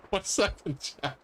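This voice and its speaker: A man's voice: a bit bright, slight background noise. A man streaming a role-playing game, playful, laughing often and reading the game text aloud. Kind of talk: casual gaming commentary.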